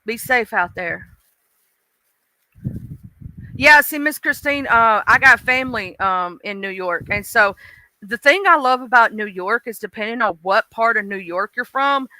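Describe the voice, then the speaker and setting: Bright-voiced Southern woman chatting. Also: fairly high pitch, moderate pace, no room sound. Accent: Southern US, mixed. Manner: chatty and folksy, addresses viewers directly. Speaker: live stream host. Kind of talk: casual live-stream chat, answering viewer comments.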